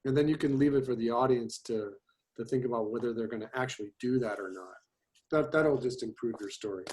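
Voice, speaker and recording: A man's voice: medium pitch, a little fast, a little mellow. Man, instructor, online class critique, loose and rambling, video call. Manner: chatty, many restarts and fillers. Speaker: storyboard instructor.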